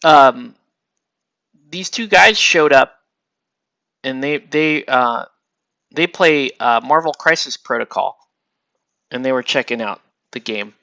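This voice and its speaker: A man hosting a casual livestream, rambling excitably and laughing often while he paints miniatures. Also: medium pitch, takes it slowly, creaky, long pauses, no echo. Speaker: livestream host.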